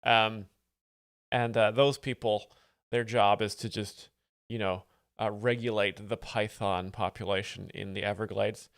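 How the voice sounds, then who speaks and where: Young male host, deadpan pseudo-expert, rambling, close mic, smooth tone. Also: fairly low pitch, a little slow, dry recording. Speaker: livestream host explaining comedy. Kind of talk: deadpan mock-expert commentary.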